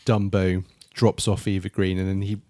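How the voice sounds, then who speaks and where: A man's voice: low-pitched, level tone, moderate pace, dark tone, dry recording. A man chatting casually as a podcast co-host reviewing a film, rambling and restarting his sentences.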